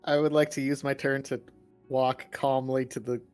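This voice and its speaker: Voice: medium pitch, flat delivery, normal speed, a little mellow, faint music behind. A player in an online tabletop game, speaking in a dry, offhand way. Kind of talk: casual chat during a tabletop game.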